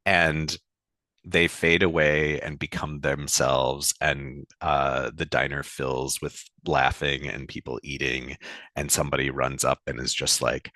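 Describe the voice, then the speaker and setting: A man narrating his turn in a tabletop role-playing game, halting with many fillers and restarts. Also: extremely low pitch, flat delivery, bright, forceful tone, no room sound.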